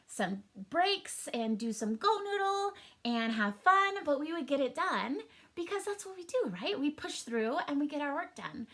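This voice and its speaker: Woman, first grade teacher, encouraging, sing-song, recorded lesson, slightly high voice. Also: a bit bright. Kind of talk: recorded remote reading lesson.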